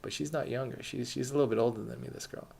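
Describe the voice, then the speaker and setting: A man's voice: medium pitch, fairly even intonation, racing, creaky, darkish tone, husky. A young man casually telling a story from his life, rambling along and swearing freely.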